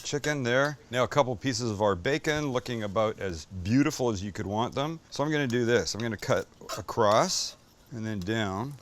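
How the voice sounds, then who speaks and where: A man's voice: medium pitch, moderate pace, a little hiss or hum. A man hosting a casual cooking show in a kitchen, enthusiastic and joking, swearing casually as he cooks.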